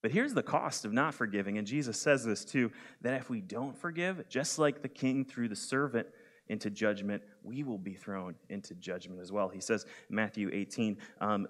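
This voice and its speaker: A man in his twenties preaching a sermon in an earnest, plain way, often pausing with "um". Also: lowish voice, fairly bright tone. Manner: earnest, frequent "um" fillers.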